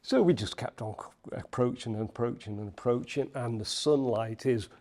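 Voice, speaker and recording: A podcast guest from Liverpool, England, talks at normal speed in a mid-range voice with a Liverpool accent. He narrates a story in casual chat, lively and acting out whoever he quotes.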